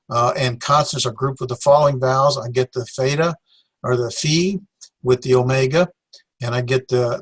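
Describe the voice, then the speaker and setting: Man teaching Greek syllables. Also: mid-range voice. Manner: halting, many fillers, sounds out syllables slowly. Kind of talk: classroom lecture.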